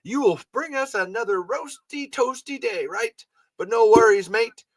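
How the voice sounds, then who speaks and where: A man's voice: very high-pitched, unhurried, no echo, voice pushed up. A man voicing a cheerful, playful male outback bushman in a sing-song, raised voice while reading a story aloud. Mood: cheery.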